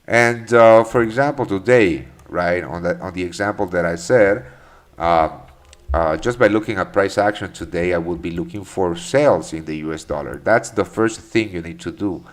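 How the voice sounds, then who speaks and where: A low-pitched man talking at a normal speed hosts a live trading stream. He answers chat questions loosely and profanely, with lots of fillers and restarts, in casual market commentary.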